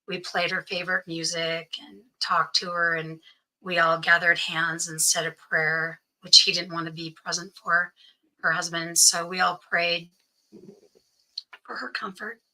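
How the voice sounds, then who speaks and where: Here a middle-aged woman, interviewed as a guest, earnestly recounts something that happened to her, peppering it with "you know" and voicing other people's words. Her lowish voice comes across pushed and bright on a rough recording.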